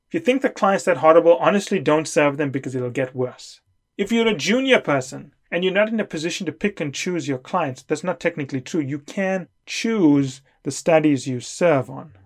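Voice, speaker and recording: Emphatic man lecturing, fairly high voice. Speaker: consulting coach. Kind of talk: lecture to camera.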